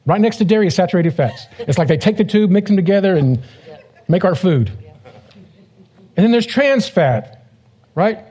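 A male pastor preaches in a loose, joking way and slips into the voices of the people in his stories. His voice is fairly high for a man and sounds mellow and slightly husky. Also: animated, normal speed, pauses often. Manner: conversational, joking, acts out quoted voices. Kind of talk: casual humorous sermon.

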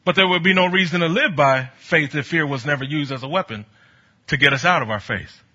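A man preaching a sermon, telling stories from his ministry and building to bold exhortation, with a husky voice. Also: a little high, a little fast. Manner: animated, storytelling, rising to bold exhortation. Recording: dull lo-fi sound.

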